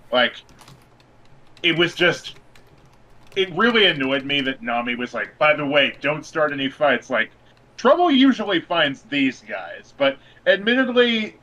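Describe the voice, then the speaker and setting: Bright-voiced man on a podcast. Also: mid-range voice, low-quality recording. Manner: excitable, acts out quotes. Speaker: podcast co-host. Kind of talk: casual chat.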